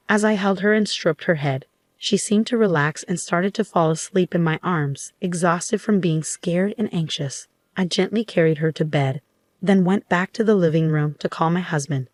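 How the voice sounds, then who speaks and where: A woman telling a first-person story in an even, measured way. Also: lowish voice, dry recording, clean studio sound.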